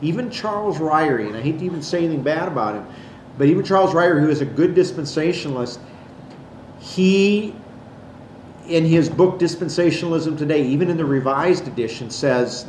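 A man's voice: fairly high pitch, lively intonation, a little fast, darkish tone. A man giving an explanatory Bible teaching to a class, pointing things out on a board. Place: classroom or church hall. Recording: echoey room, faint background noise.

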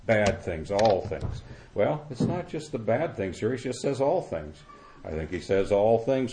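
An older man preaching a sermon, explaining a verse slowly and repeating key words with pauses. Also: on the low side, darkish tone. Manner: slow, repetitive expository preaching with pauses.

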